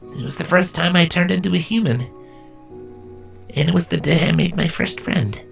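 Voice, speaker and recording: A man's voice: fairly high pitch, moderate pace, vocal fry, faint music behind, pitched above the performer's own voice. A man reading a fanfiction aloud, voicing a shy, earnest young changeling boy. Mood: fond.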